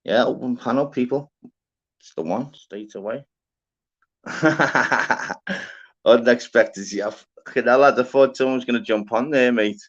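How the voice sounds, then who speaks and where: A man hosting a live stream, chatting casually, shouting out viewers and swearing freely. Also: mid-range voice, measured pace, long pauses. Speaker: livestream host. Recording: dull lo-fi stream audio.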